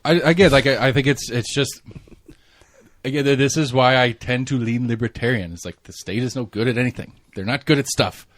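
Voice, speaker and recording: A man's voice: mid-range voice, a little fast, no echo. A man with a Southern US accent, hosting a casual podcast chat, rambling and swearing with many restarts. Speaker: podcast host. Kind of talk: casual conversation.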